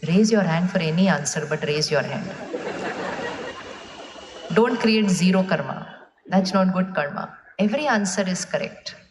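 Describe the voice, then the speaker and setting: A woman's voice: on the low side, a little slow, long pauses. A woman giving a spiritual talk to a live audience, asking them questions and waiting for their answers. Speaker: spiritual speaker. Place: large hall with an audience. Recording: echoey hall, faint room noise.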